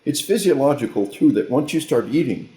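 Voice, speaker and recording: A man's voice: medium pitch, animated, a little fast, dark tone. Emphatic, preachy older-style trainer, man. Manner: emphatic, sermon-like, with repeated restarts. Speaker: guest military trainer. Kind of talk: interview talk, preachy storytelling. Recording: roomy echo.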